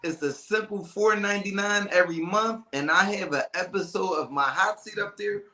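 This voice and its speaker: A man hosts a casual podcast, animated and full of slang. His voice sits a little high and sounds bright. The room around him has a noticeable echo. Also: moderate pace. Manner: animated, laughing, loose slang. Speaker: podcast host.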